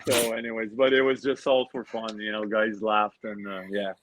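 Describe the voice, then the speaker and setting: A man's voice: fairly low pitch, completely flat delivery, normal speed, background noise. A man in his forties, a former pro hockey player, telling laughing anecdotes as a podcast guest. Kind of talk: casual podcast storytelling.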